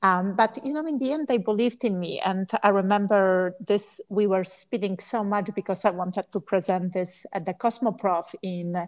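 A woman with a strong Polish accent tells her story as a guest in a relaxed interview. She is animated and laughs easily between her sentences, and her pitch sits in the middle range. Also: moderate pace, few pauses. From Poland. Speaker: brand founder, guest. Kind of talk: casual interview.

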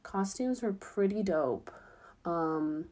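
Speaking slowly in a fairly low, darkish voice, a young adult from the United States who is a student abroad vlogs in a relaxed, cheerful way, with plenty of filler words.

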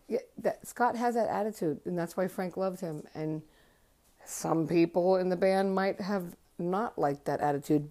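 A woman hosting a podcast talks at normal speed in a lowish, mellow voice, rambling late at night at home while doing chores. She's blunt and emotional and swears freely.

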